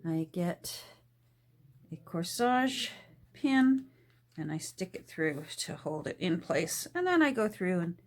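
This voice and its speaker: A woman's voice: on the low side, big pitch swings, slow pace. A middle-aged woman chatting casually about her craft as she works at her desk at home, laughing often and trailing off now and then. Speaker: journal-making vlogger. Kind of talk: casual chat while crafting.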